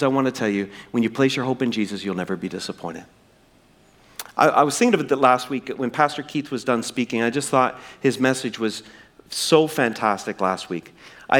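A man's voice: medium pitch, fairly bright tone. A middle-aged man preaching a sermon in church, telling a personal story in an earnest way and closing in prayer. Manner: earnest, storytelling, addresses listeners as friends. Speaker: pastor.

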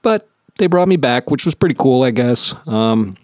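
Speaking a little fast with lively intonation, a thirtyish man from New Jersey runs a casual solo podcast out of his home basement. His medium-pitched voice comes through dry and studio-quality as he rambles, curses, and jokes at his own expense.

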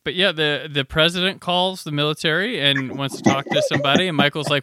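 Bright, clear-voiced man chatting on a podcast. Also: medium pitch, quick pace, no room sound, clean studio sound. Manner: relaxed, rambling recaps with fillers. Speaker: podcast co-host. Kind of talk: casual chat.

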